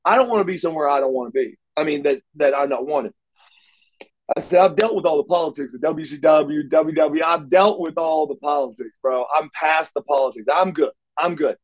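A man telling wrestling stories in a casual interview, animated and acting out quotes, stumbling over repeated words. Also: on the high side, brisk, muffled recording. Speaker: wrestler guest.

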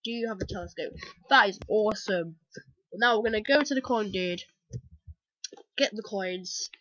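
A British woman chatting excitedly and rambling through gameplay commentary as the host of a let's play. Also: mid-range voice, normal speed, muffled recording, slight background noise. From Britain.

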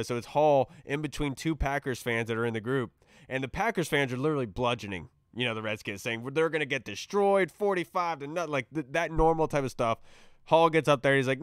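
A man's voice: mid-range voice, clean tone, no room sound. Male sports podcast host, clean resonant tone, dry booth sound, eager and chatty. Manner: excitable, rambling storyteller. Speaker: podcast host reading fan questions. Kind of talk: casual sports podcast chat.

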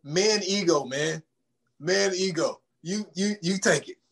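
A man's voice: high-pitched, a little slow, gravelly, breathy edge. A man co-hosting a podcast, casually recapping a movie scene by scene and acting out the lines with lots of laughter. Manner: animated storytelling, acts out scenes, laughs often. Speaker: podcast co-host.

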